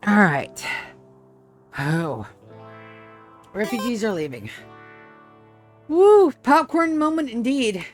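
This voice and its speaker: Woman, game streamer, slow unhurried talk, swearing, laughing, cooing to her cat. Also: a little high, very animated, soft background music. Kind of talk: casual live-stream chat.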